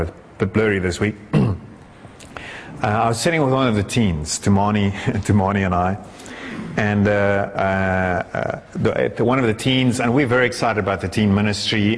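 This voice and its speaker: A man preaching a sermon with passion, his delivery soaring and then dropping into a low, conversational tone. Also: slight background noise. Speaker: pastor. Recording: echoey hall with long reverb.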